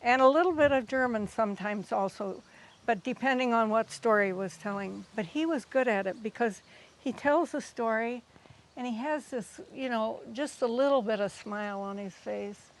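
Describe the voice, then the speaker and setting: A woman's voice: fairly high pitch, moderate pace. A woman in her eighties reminiscing fondly in a recorded interview.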